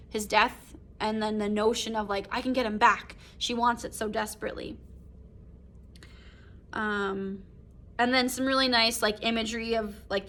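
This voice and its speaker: Bright and forceful, this woman's voice sits on the high side as she teaches English in a casual recorded lesson. She reads a short story aloud in passages and explains each, leaning on fillers like "um", "like" and "right?".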